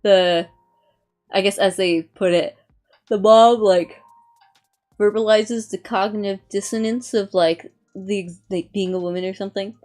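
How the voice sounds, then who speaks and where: A woman's voice: mid-range voice, steady tone, unhurried, darkish tone, soft background music. A young woman streamer in casual chat, rambling with many fillers and reading aloud from a review. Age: young adult.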